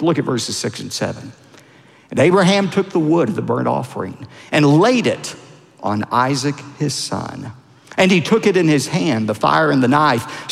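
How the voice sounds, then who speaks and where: A man preaching a sermon as a pastor, dramatic, with wide swings in pitch and volume. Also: gravelly. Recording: long reverb of a large hall.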